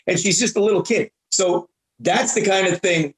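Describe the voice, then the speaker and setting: Man talking haltingly in a roomy echo. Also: high voice. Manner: halting, many restarts, blunt and profane. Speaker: interview guest, prank-call comedian. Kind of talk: casual interview chat.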